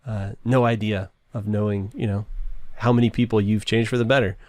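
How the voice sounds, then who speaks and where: A man with a fairly low voice hosts a podcast conversation. He reflects slowly, fills the gaps with "um" and "right?", and sounds dry and close to the mic. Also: fairly even intonation, a little mellow, no room sound. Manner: thoughtful, many fillers and "right?". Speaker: podcast host.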